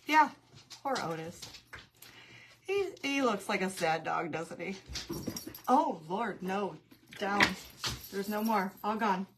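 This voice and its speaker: A woman's voice: medium pitch, slight background noise. Chatty, giggly woman hosting a live stream. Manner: chatty and rambling, often breaking off to greet viewers; giggly, easily amused. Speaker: craft livestream host. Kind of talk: casual live-stream chat with viewers. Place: at home with her dog.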